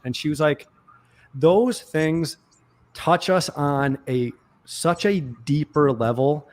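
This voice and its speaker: A man, a guest in a casual interview, speaking in a gentle, affirming way. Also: a little high, expressive, a little slow.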